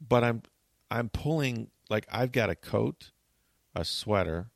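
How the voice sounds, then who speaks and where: A man hosting a talk show, telling a long story in animated, chatty fashion and acting out what people said. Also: mid-range voice, slow pace, vocal fry, no room sound, clean studio sound. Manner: tells long stories, acts out quotes.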